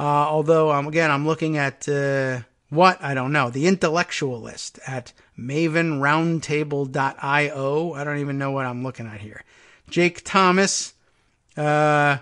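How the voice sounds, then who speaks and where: Man, political talk host, sardonic, rambling asides, slightly high voice. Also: fairly bright tone. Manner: sardonic, rambling, thinks aloud with many fillers. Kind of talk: casual political commentary, reading articles aloud.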